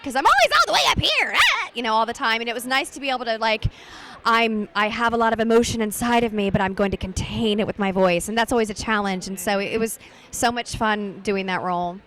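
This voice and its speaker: A woman voice actress chatting in a bubbly, animated way during a convention interview. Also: fairly high pitch, a little hiss or hum. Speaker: voice actress guest. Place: busy convention floor.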